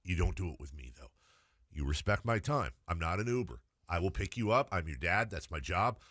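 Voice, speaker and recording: A man in his forties hosting a sports radio show, telling an animated story about his daughter in quick bursts. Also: deep voice, no echo, studio quality. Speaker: radio host.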